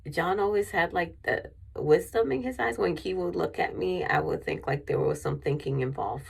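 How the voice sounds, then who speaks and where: A woman's voice: lowish voice, very animated, moderate pace, creaky, husky. A woman vlogger telling a personal story in a rambling way with many restarts, emotional and near tears.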